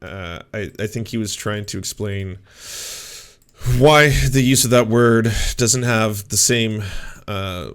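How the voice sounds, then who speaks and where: A man's voice: lowish voice, slow pace, clear, resonant tone. A man talking casually as a streamer, commenting sarcastically on what he reads aloud, swearing and mocking it.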